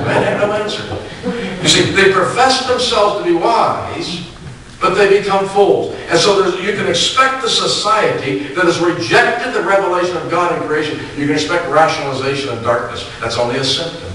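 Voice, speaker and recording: A man's voice: high-pitched, moderate pace, bright, forceful tone, recorded from a distance, slight background noise. A man preaching a sermon to his congregation, reading scripture aloud and repeating phrases for emphasis. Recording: echoey hall, speaker off mic.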